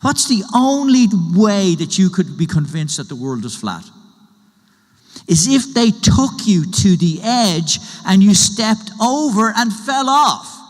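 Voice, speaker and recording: A man's voice: sits high, very animated, slow, big-room sound. A man preaching a sermon in a conversational way, building his point through everyday illustrations and questions. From Ireland. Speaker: pastor.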